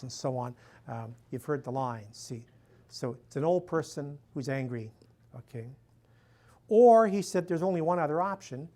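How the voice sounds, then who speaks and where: An older priest speaking to a live audience in a slightly high, easy voice. He talks in a folksy, rambling way, chuckling at his own jokes and leaning on "you know" and "and so on". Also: moderate pace, a little mellow. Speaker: priest giving a talk. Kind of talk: conference talk to a live audience.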